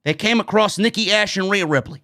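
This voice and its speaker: High-voiced guy ranting casually about wrestling, blunt, swears a lot. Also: a little fast, bright, forceful tone. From New York. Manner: blunt, profane, exasperated commentary. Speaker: wrestling show reviewer. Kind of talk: casual opinionated review.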